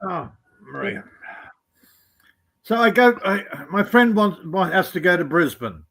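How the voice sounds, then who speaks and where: Australian man, high-pitched, easygoing storyteller with a teasing edge. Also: lively intonation, a little slow, a bit bright. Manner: rambling, teasing anecdotes. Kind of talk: casual storytelling chat.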